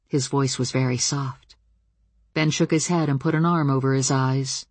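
A woman reads a novel aloud in the first person, steady and measured. Her tone is husky rather than clear, and the recording is dry and close, with no room sound. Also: very deep voice, no echo. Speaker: audiobook narrator. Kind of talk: first-person scripted narration.

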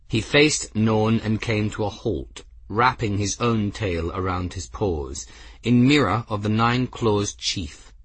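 A man reading a story aloud as narrator in a measured, even way. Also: fairly low pitch, breathy edge, no echo. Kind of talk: audiobook narration.

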